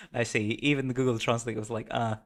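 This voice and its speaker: A man's voice: mid-range voice, fairly even intonation, a little fast. Chatty man from the Caribbean streaming. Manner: chatty, self-mocking, laughs often. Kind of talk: casual game stream chat.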